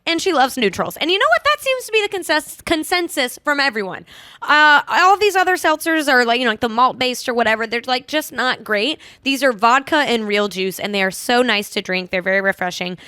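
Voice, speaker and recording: A woman's voice: sits high, expressive, fairly quick, bright, forceful tone, clean tone, no echo, clean studio sound. A young woman hosting a podcast, chatty and self-mocking. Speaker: podcast host. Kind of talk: casual chat.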